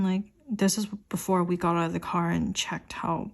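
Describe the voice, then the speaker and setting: A young woman tells a story in a chatty voiceover while she sets up her planner. Her voice sits slightly low, and she rambles along with "like" in almost every phrase. When she quotes an argument, her voice lifts higher and gets more animated. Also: a little fast, gravelly, hardly any pauses. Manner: rambling, says "like" constantly; quotes her partner in a raised voice. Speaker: planner vlogger.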